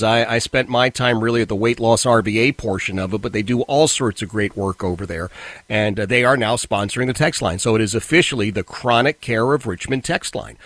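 A man hosting a talk radio show, delivering an indignant monologue. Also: no echo. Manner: animated, indignant, pitch jumps when worked up.

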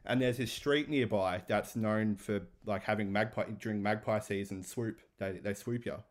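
A young Australian man co-hosting a podcast over a video call, low-key and flat, mostly agreeing. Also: moderate pace. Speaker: podcast co-host.

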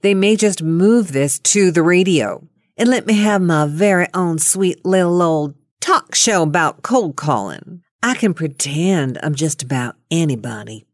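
A woman's voice: fairly low pitch, lively intonation, measured pace, dry recording, studio quality. A middle-aged woman hosting a cold-call podcast, chatty and playful, laughing often and nervous about calling strangers. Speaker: podcast host.

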